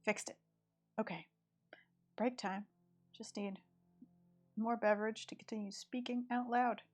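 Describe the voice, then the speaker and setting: A woman's voice: a little high, steady tone, unhurried. A woman with a rural East Tennessee accent, chatting casually and thinking aloud while she draws on a live stream. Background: faint background music.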